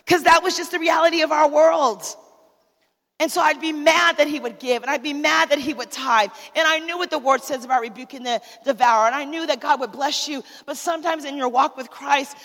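A woman's voice: high-pitched, a little fast, fairly bright tone. A woman giving an emotional sermon testimony as a minister's wife, talking straight to the listeners. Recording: long hall reverb.

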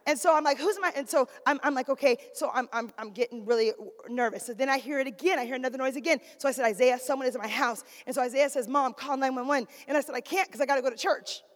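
A middle-aged woman preaches in a church. Her voice sits high, and a long reverb rings around her in the hall. She moves between fiery, shouted exhortation and hushed, conversational storytelling. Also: fast, hardly any pauses. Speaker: preacher, pastor's wife. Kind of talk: sermon with personal story. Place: church sanctuary.

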